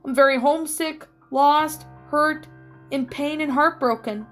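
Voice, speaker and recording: A woman voicing a grieving young woman who survived a zombie outbreak, speaking softly and tearfully in a read-aloud story. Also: sits high, a little slow, faint music behind. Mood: sad. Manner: tearful, soft-spoken.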